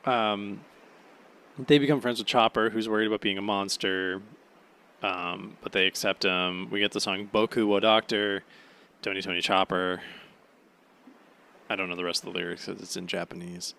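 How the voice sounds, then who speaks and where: A sleepy, yawning man hosting a podcast, rambling through a casual solo recap with lots of "um"s and swearing, now and then bursting into high, excited gushing. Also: moderate pace, vocal fry, pauses often, clear, resonant tone. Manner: rambling, offhand, peppered with swearing and "um"s. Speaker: podcast host.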